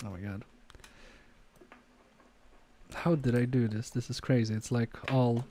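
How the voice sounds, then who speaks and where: A man's voice: medium pitch, steady tone, a little fast, mellow, slight background noise. A man streaming an electronics repair live, muttering to himself and joking with viewers about his own mistakes. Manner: muttering to himself and chatting to viewers, self-deprecating.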